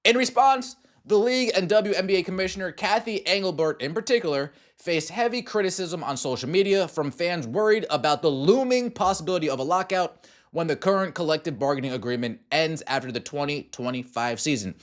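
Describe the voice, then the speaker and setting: A man's voice: fairly high pitch, expressive, a little fast. A man hosting a sports podcast, giving opinionated commentary and mocking the people he talks about. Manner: mocking, acts out sarcastic voices. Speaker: podcast host.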